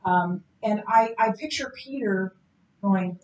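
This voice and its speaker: A woman leading a Bible class, talking in a chatty, animated way with plenty of ums and restarts. Her voice sits at a middling pitch and rings in a roomy space, with a faint hiss underneath. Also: normal speed, recorded from a distance, dull audio. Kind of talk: conversational Bible lecture. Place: church classroom.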